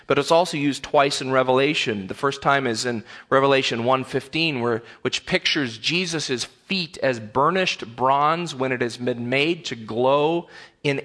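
A man's voice: medium pitch, pushed and bright. A pastor preaching an earnest, emphatic sermon in a church, often repeating words as he builds a point. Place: church sanctuary.

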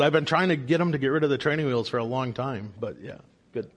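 A man with a mid-range voice talks fast as he teaches a church Bible study class. An adult father of a young child, he's earnest in manner and poses questions to the group.

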